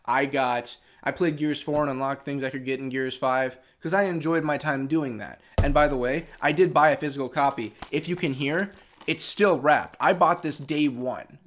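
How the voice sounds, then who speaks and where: A man's voice: mid-range voice, moderate pace, fairly bright tone, slight background noise. A man hosting a gaming channel, ranting in an unscripted vlog, frustrated and sarcastic, and losing his voice. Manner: frustrated and sarcastic, with many restarts.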